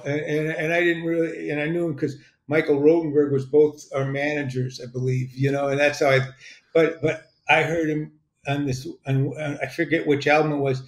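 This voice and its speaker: A man's voice: a little high, level tone, normal speed. An older man hosting a podcast, talking with enthusiasm and many stumbling restarts in casual interview chat. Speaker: podcast host. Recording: roomy echo.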